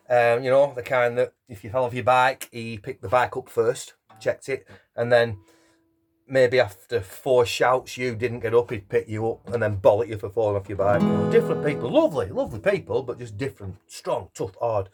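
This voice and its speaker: A singer and busker in his fifties chats casually between songs at a lockdown gig from home, with a guitar in the background. His mid-range voice moves fairly quickly as he rambles, mocks himself, and throws in cheeky swearing.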